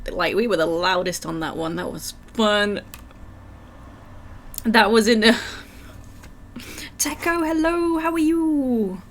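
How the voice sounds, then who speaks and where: A woman with a croaky throat chatting with her live chat while reading game text aloud. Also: fairly high pitch. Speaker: livestream gamer.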